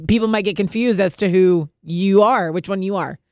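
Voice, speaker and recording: A man's voice: sits high, moderate pace, no echo, studio quality. A man co-hosting a podcast, chatting in a teasing, upbeat way and laughing easily. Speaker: podcast co-host. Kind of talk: casual chat.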